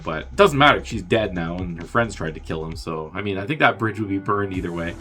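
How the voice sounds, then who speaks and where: A man's voice: deep voice, animated, fairly quick, sharp tone, soft background music. A man hosting a movie review show, casually recapping a film in a rambling, wry, filler-heavy way. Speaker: movie review podcast host.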